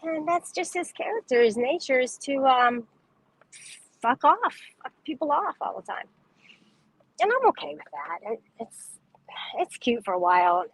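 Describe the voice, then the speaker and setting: A woman's voice: high voice, very animated, measured pace, pauses often, breathy edge, rough recording. A young woman chatting casually on a livestream, reading viewer comments, laughing often and swearing freely.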